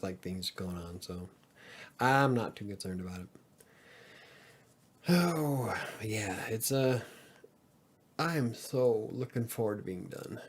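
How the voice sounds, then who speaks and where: A man in his thirties hosting a podcast, rambling casually, swearing freely and chuckling often. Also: lowish voice. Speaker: podcast host. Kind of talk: casual livestream chat.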